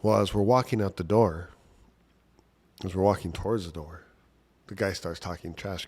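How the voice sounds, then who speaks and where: A man's voice: sits low, steady tone, moderate pace, husky. A man casually telling a personal story from childhood, talking conversationally with lots of "like" and "right?".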